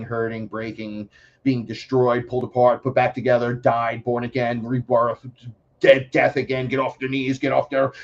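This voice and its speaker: Guy on a podcast rambling fast and loud, swears a lot, does little voices, kinda dull lo-fi sound. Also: mid-range voice. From New York City. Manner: animated, profane, acts out voices in his stories. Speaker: podcast guest. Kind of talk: casual interview storytelling.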